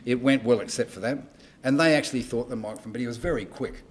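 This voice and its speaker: Older Australian man telling animated stories. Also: mid-range voice, fast, a little hiss or hum. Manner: animated anecdote-teller, acts out dialogue in raised voice. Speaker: guest, entertainment promoter. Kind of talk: casual storytelling on a podcast.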